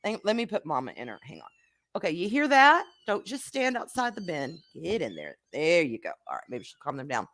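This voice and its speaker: Woman co-host, chatty, swears, laughs a lot, bright voice with lots of pitch swing, dry close mic. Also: huge pitch swings, fairly quick, dry recording. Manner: laughs often, swears, talks to the audience as y'all. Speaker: co-host of a live stream. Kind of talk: casual live-stream chat. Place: home room with pet kittens.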